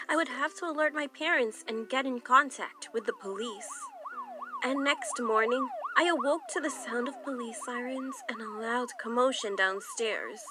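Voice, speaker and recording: A woman narrating a scripted first-person story in a hushed, suspenseful way. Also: high-pitched, background noise.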